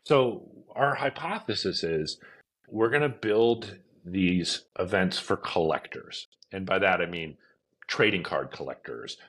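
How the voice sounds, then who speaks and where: Husky-voiced man telling stories. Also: sits low, animated, unhurried. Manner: chatty, many fillers, acts out shouted quotes. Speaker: events company CEO, podcast guest. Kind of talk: casual storytelling interview.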